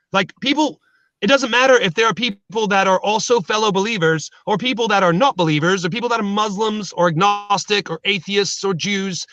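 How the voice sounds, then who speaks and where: High, bright-voiced joking man. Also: fairly quick, no room sound, highs cut off. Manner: joking, animated storytelling. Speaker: guest. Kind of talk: comedic casual chat.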